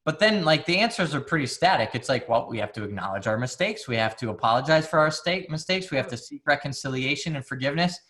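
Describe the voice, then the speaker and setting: A man's voice: medium pitch, expressive, fast, hardly any pauses, bright, forceful tone. A man, a psychologist, speaking as a guest in a candid, casual conversation full of fillers and restarts.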